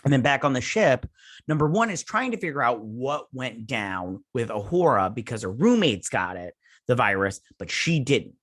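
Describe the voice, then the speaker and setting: Recorded dry and at studio quality, this man's mid-range, fairly bright voice is very animated at a moderate pace. As a review channel host, he gives a casual plot recap of an episode, wandering and hesitating with lots of filler words and restarts, occasionally voicing the characters playfully.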